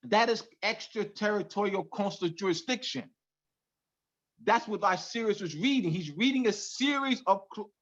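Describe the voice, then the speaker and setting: High-voiced man lecturing over a dull call. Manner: emphatic, repeats key phrases. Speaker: class instructor. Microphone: video call.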